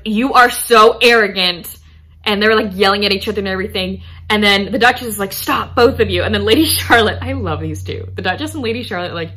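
A woman's voice: mid-range voice, fairly bright tone. A young woman vlogger chatting enthusiastically about romance books, with lots of fillers. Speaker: book vlogger. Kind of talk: casual book talk.

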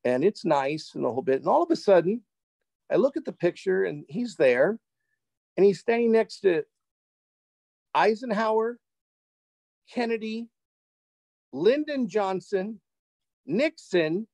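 A man recounts a travel adventure as an interview guest, animated and repeating words in his excitement. His voice sits a little high and is gravelly with fry. It sounds dry and close, with no room echo. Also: moderate pace. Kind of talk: casual storytelling.

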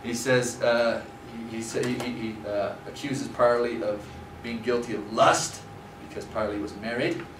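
At a moderate pace and with hardly any pauses, a man with a flat, medium-pitched voice teaches scripture, chatting through the history and using many fillers. The recording is distant and roomy, with noise in the room.

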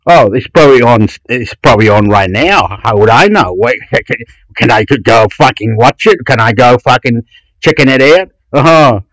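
A YouTube vlogger, a guy with an animated mid-range voice at normal speed, delivers excited, rambling commentary on something on screen. He's loud and profane, swearing a lot, gushing, and repeating himself. The sound is dry and close with no room tone, and audio quality is poor.

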